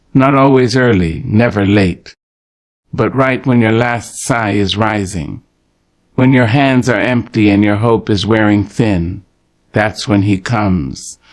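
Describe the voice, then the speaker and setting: Deep-voiced man reading a poetic prayer. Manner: slow, rhythmic, preacherly delivery with pauses; tender, pastoral address to the listener. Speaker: prayer narrator. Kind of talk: poetic morning prayer narration.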